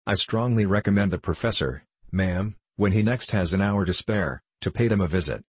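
A man reading the lines of a polite, cheerful, oblivious doctor in a husky voice. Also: low voice, moderate pace, no room sound. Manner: polite, hearty.

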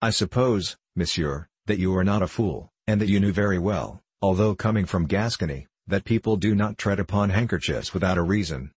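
A mild, coldly courteous young musketeer, read by a man. The voice sits low and a little husky, recorded close and dry with no room around it. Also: a little fast, hardly any pauses, dry recording. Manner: calm, coldly polite. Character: mild, cool-tempered young male musketeer.

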